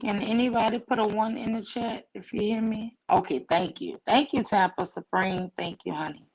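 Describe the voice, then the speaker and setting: A woman livestream host telling a personal story to her chat in a casual, animated way, acting out the voices in it. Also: medium pitch, moderate pace, creaky, breathy edge, rough recording. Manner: animated, acts out quoted voices.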